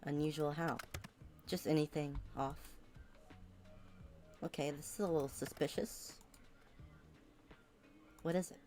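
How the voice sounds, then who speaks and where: A woman's voice: low-pitched, steady tone, measured pace, pauses often, mellow, soft background music. A young adult woman streamer chatting casually over a game, teasing and playful.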